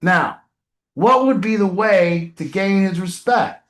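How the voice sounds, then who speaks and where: A man leads a recovery support group with a blunt, emphatic delivery and the occasional swear word. His voice sits high for a man. The room around him rings with echo. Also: slow pace, fairly bright tone. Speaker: addiction recovery group coach. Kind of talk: group coaching session. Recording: roomy echo.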